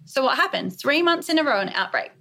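A woman's voice: high voice, very animated, fast talker, gravelly, fairly bright tone. A woman speaking as a podcast guest, talking earnestly and emphatically in a candid interview, often laying out points as lists. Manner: earnest, emphatic, list-like delivery.

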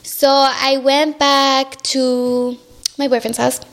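Young woman with a high, gravelly voice. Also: level tone, slow pace. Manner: candid, acts out what others said to her. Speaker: podcast guest. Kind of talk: personal storytelling in casual chat.

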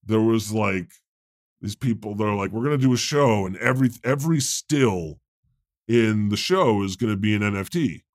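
A man's voice: fairly low pitch, moderate pace, no room sound, clean studio sound, close to an everyday voice. A man playing a chatty irreverent God. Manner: rambling, chatty, easily amused. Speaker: host. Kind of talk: improvised comedy podcast banter.

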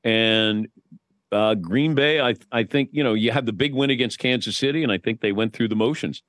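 A man's voice: medium pitch, moderate pace, fairly bright tone, dry recording, clean studio sound. A man in his sixties, a guest sportscaster, telling wry stories in casual chat with frequent restarts.

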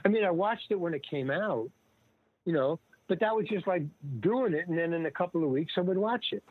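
A man's voice: high-pitched, lively intonation, brisk, no room sound. An older man, a guest actor and comedian, telling stories in a casual, rambling way and acting out the dialogue he quotes. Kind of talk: casual conversational storytelling. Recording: tinny dry phone-like line.

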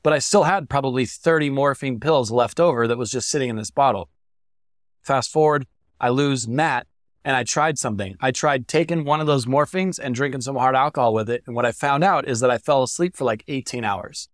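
A young man appears as a podcast guest, speaking briskly at an ordinary pitch as he tells a painful story in a candid, earnest way that turns emotional at times. The recording is dry and close, with no echo or room sound.

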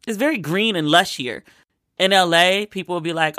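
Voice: medium pitch, normal speed, bright, forceful tone, no echo, clean studio sound. A vlogger from Maryland, sick with a cold, chatting casually and acting out what people said. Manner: chatty storyteller, acts out quoted lines.

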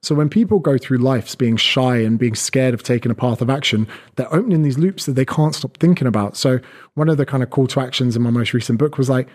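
Man, very fast, blunt, salty, podcast guest. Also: mid-range voice, darkish tone. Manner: fast, blunt, swears a lot, acts out quotes. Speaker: guest, personal trainer. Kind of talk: podcast conversation.

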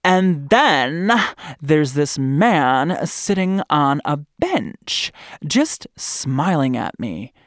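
A man putting on a gentle young woman fan's voice, softer and quieter than his own. The voice rises and falls a lot, and the room is dry and close. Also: fairly high pitch, very animated, very slow, no room sound, full character voice. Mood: earnest. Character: young woman fan reading her letter.

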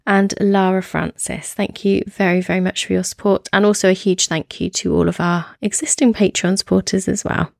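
A woman's voice: medium pitch, flat delivery, normal speed, gravelly, few pauses, no echo, clean studio sound. A woman co-hosting a podcast, chatting casually, teasing her co-host and laughing easily. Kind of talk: casual chat.

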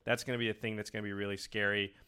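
A man co-hosting a podcast, talking casually, quick and enthusiastic, rambling with restarts. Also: fairly low pitch, little pitch movement, sharp tone, clear, resonant tone. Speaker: podcast co-host. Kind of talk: casual chat.

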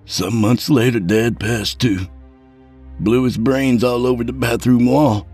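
A man voicing an unhinged haunted man who talks slowly and broodingly. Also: low-pitched, lively intonation, breathy edge, soft background music, voice pushed up. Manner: slow, brooding, turning to frantic shouts.

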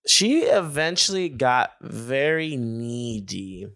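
A man co-hosting a podcast in casual chat, telling stories in an animated way. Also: medium pitch, slow, no echo, clean studio sound. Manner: animated storytelling. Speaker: podcast co-host.

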